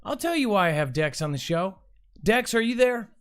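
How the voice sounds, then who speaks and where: A man's voice: high-pitched, sing-song, normal speed, clear, resonant tone. A man hosting a comedy call-in news show, stumbling over words, repeating them in silly voices and making joking asides to himself. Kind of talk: goofy read-out news blooper reel.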